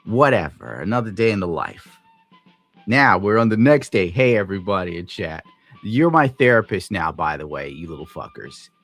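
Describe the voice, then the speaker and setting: A man's voice: deep voice, sing-song, normal speed, a bit bright, no room sound, faint music behind. A tired man live streaming, telling a rambling, profane story in a grumbling way. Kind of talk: rambling livestream rant.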